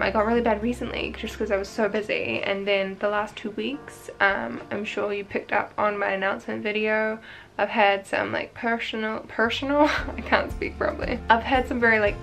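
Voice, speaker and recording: A woman's voice: mid-range voice, fairly even intonation, moderate pace, creaky, fairly bright tone, faint music behind. A young woman vlogging casually to camera, chatty and bubbly, full of "like" fillers and giggles. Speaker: vlogger launching a business. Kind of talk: casual vlog talk to camera.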